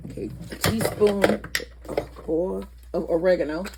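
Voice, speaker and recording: A woman's voice: on the low side, fairly even intonation, measured pace, creaky, warm tone, slight background noise. A woman hosting a casual cooking vlog in her home kitchen, chatty and correcting herself as she goes. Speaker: cooking channel host.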